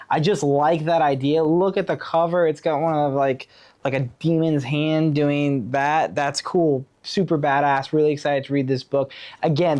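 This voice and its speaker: A man's voice: a little high, a little mellow. Chatty man vlogging about books. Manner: enthusiastic, rambling with fillers. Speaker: book vlogger. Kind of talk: casual chat. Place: Oregon.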